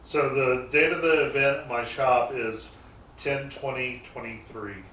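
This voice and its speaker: In a roomy, noticeably echoing garage, a shop owner appears as a guest and tells loose, meandering stories about his business, cursing mildly now and then. His medium-pitched voice is unhurried and fairly even, with a sharp edge. He sits some way from the distant mic, and a faint noise hums underneath.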